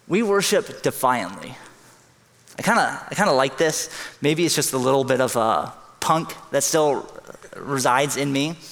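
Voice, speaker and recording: A man preaching a sermon as pastor, earnest and emphatic, speeding up in bursts and slowing on key lines. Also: a little high, fairly bright tone. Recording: long hall reverb.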